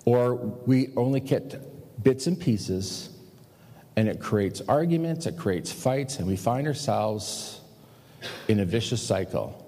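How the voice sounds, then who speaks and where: A man's voice: fairly low pitch, mellow, husky, in a large hall. A male pastor preaching a practical sermon in a conversational way, asking the congregation rhetorical questions. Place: church sanctuary.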